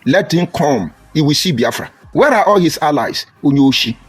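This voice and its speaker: A man's voice: on the high side, expressive, normal speed, slightly rough, faint music behind. A man with a Nigerian accent giving a combative, mocking political monologue on a live stream and greeting viewers by name. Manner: combative, mocking, rising to loud outbursts.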